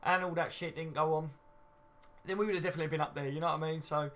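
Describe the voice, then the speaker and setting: A man in his thirties with a slightly high voice, chatting on a live stream. He rambles casually through viewer comments, filling the gaps with ums and "you know what I mean". He sounds relaxed and conversational. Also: racing.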